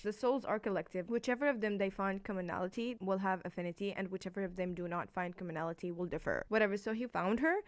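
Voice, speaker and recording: A woman's voice: medium pitch, dry recording, studio quality. Chatty woman rambling about books. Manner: chatty and rambling, heavy use of "like"; excitable, jumps between topics. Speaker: book reviewer. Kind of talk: casual book review vlog. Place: indoors at home.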